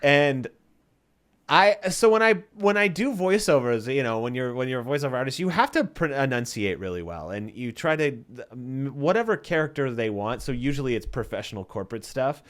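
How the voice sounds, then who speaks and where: Male podcast co-host, lively pitch, animated storyteller who acts out the people he quotes. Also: brisk. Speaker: podcast co-host and voiceover artist. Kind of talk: casual podcast chat.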